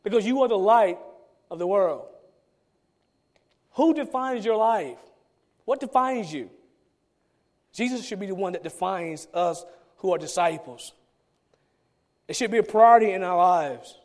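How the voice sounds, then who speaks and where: A man's voice: high voice, expressive, measured pace, pauses often, darkish tone. A man, a pastor, preaching a sermon with emphatic repetition and rhetorical questions.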